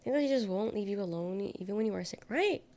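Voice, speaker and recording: A woman's voice: mid-range voice, expressive, fast talker, dark tone. A young adult woman streamer chatting casually and sarcastically, reading viewer comments aloud and rambling between topics. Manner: rambling, sarcastic, reacts to chat. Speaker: livestreamer.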